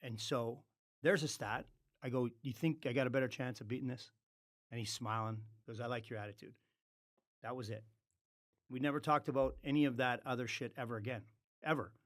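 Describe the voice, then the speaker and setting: A man's voice: medium pitch, steady tone, fairly quick, a bit bright. A man in his fifties, a former hockey player and podcast guest, telling a story bluntly in a studio and acting out the dialogue. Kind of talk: storytelling in casual podcast chat.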